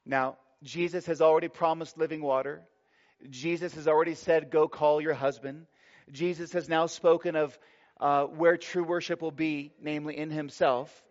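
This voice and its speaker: A male pastor delivering a sermon in a slightly high-pitched voice. He preaches emphatically, leaning on key words and slowing down for scripture. The recording sounds dull and lo-fi. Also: steady tone.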